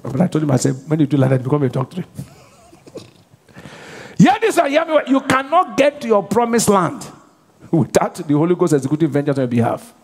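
A man preaching a sermon as pastor, with call-and-response questions to the congregation and bursts of shouted prayer. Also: on the high side, very animated, fast talker, slightly rough. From Nigeria. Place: large church hall. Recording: live church hall reverb.

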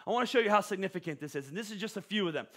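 Bright, high-voiced animated pastor. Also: male voice, rapid-fire. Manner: animated, joking preacher with stammering restarts. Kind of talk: sermon. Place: church auditorium.

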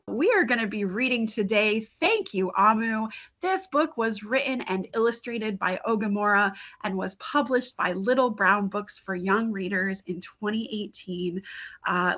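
A woman hosting a library story time, reading a picture book aloud to children in an expressive, encouraging way. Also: medium pitch, a little slow.

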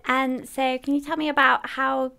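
A woman interviewer asking measured, open questions. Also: high-pitched, little pitch movement, gravelly, bright, forceful tone. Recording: faint background noise.

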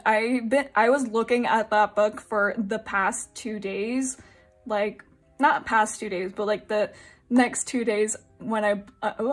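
A young woman from Singapore chatting casually while unboxing albums, giggly and gushing, now and then breaking into high squeals. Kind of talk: excited casual chat.

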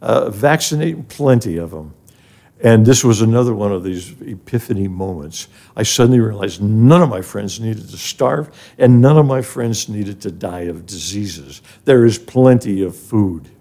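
Older man with a gravelly low voice. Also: moderate pace, hardly any pauses, warm tone. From grew up in an African village. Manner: earnest and emotional, rising when moved. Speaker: guest, charity president emeritus. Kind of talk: personal storytelling in a podcast interview.

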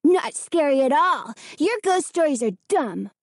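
A woman's voice: high-pitched, sing-song, measured pace, dry recording, studio quality, voice pushed up, heavily acted. A woman voicing a cheeky six-year-old twin boy in a storybook reading, bratty and mocking.

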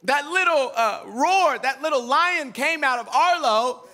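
A male pastor in his thirties delivers a sermon in a strikingly high voice that swoops up and down. His tone is bright and ringing, and he tells stories in a funny, slangy, animated way. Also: unhurried, a little hiss or hum. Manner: animated, humorous storytelling in casual slang.

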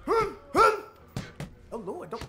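A man's voice: very high-pitched, huge pitch swings, slow pace, music in the background. A man trash-talking his opponent while playing a boxing game, taunting and grunting punch noises. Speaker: gamer streamer. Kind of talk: live trash-talking gameplay commentary.

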